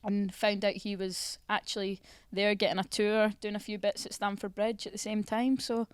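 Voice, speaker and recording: A woman's voice: mid-range voice, level tone, moderate pace, smooth, no echo. A woman with a Scottish accent, chatting casually as a guest and laughing often. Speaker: footballer guest. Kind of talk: casual chat.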